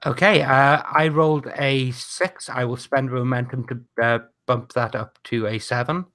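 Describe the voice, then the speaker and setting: A man playing a tabletop wrestling game, talking through his moves haltingly over a video call. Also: medium pitch, steady tone, fairly bright tone. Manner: halting, many fillers. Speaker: player.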